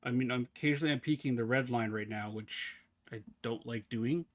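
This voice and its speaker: A man live-streaming a game, chatting casually with his viewers as he plays, talking fast and slurring his words together. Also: medium pitch. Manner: chatty, talks to chat while fiddling with settings. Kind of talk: casual live-stream chat while gaming.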